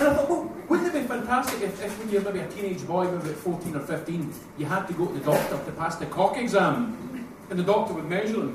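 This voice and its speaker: A man with a Scottish accent doing a crude, animated stand-up comedy set, slipping into put-on voices. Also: high-pitched, fast. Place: live comedy venue with audience. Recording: echoey room, mic heard from far off, noisy.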